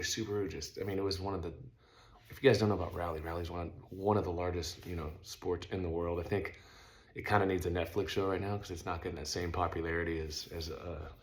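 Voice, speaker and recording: A middle-aged man casually telling a story on his vlog, loose and slangy, breaking into loud sound effects. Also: deep voice. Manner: laid-back, uses slang like stoked and dope.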